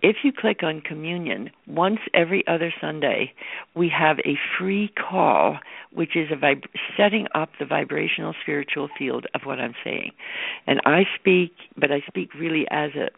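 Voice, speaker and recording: Woman, gravelly voice, emphatic and fervent, dry tinny phone line. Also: sits low, moderate pace, no room sound. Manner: emphatic, fervent, laughs often. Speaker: guest speaker. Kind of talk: enthusiastic spiritual talk.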